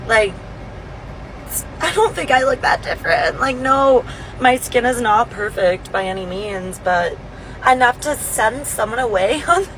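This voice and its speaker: Young woman, mid-pitched, frank and self-mocking vlog delivery, faint traffic outside. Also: a bit bright, low-quality recording. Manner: candid, self-deprecating, swears freely. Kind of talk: storytime vlog.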